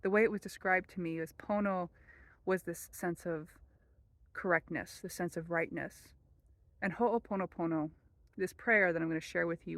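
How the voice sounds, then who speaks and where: A woman giving a gentle, measured spiritual teaching, softening almost to a hush as she repeats a prayer. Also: lowish voice, steady tone, no echo.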